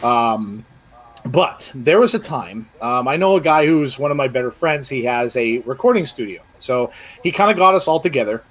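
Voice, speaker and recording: A middle-aged man co-hosting a live podcast, easygoing and chatty. His talk rambles and is full of fillers and restarts, and his pitch sits in a typical middle range. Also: expressive, moderate pace, a bit bright. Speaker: podcast co-host. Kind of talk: casual live-show chat.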